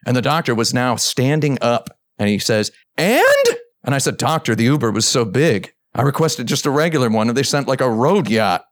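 The recording is dry, and the male speaker goes a little fast with few pauses. He's a podcast host chatting casually through a long joke story, voicing every character and leaping into a high voice when others speak.

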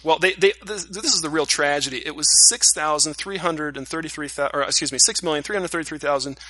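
Man, co-host, bright tense tone, wry and deadpan, video call. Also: on the high side, fast, no echo. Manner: wry, deadpan number-crunching. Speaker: podcast co-host. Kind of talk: casual chat.

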